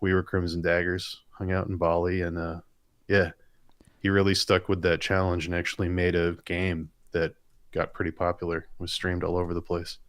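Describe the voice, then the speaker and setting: A comic artist co-hosting a live stream reads viewer questions aloud and answers with chatty, rambling, enthusiastic stories. His voice is deep with a level tone at normal speed, and there's no room sound.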